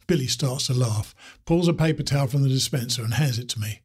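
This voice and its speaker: Husky man reading a story aloud. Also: mid-range voice, a little mellow. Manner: measured, descriptive storytelling.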